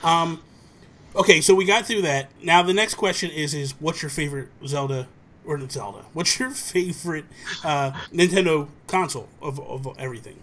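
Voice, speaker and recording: A man hosting a livestream, telling a childhood story in a rapid, animated way and acting out family members' voices. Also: on the high side. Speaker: livestream host. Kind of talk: casual chat, storytelling.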